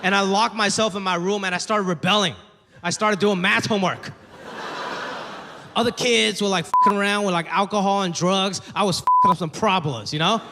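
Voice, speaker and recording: A man in his thirties doing an animated, self-deprecating stand-up comedy routine on stage. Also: high-pitched, normal speed, noisy background. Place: comedy stage before a live audience. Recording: live club with audience laughter.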